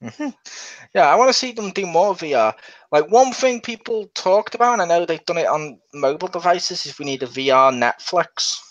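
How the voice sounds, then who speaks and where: A young man co-hosting a casual chat about video games, talking in a chatty, animated way and laughing often. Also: fairly high pitch, normal speed. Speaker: podcast co-host. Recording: dull lo-fi sound.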